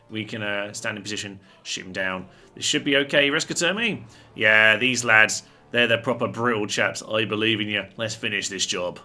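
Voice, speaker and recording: A man's voice: lowish voice, bright, forceful tone. A man hosting a gaming channel, giving chatty, wry commentary on a strategy game as he thinks aloud.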